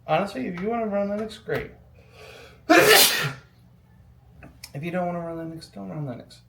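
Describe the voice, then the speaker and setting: A man's voice: high voice, expressive, moderate pace, gravelly, heavy background noise. Rambling man in an echoey room. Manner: rambling, casual, swears freely, frequent ums. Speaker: PC builder vlogger. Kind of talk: rambling casual chat while building a PC. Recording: echoey room with faint ambience.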